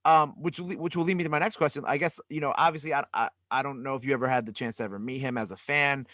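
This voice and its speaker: A man hosting an interview, asking eager questions quickly and restarting his sentences often. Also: medium pitch, steady tone, fairly bright tone, dry recording, clean studio sound. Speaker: interview host. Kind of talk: casual interview chat. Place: interview studio.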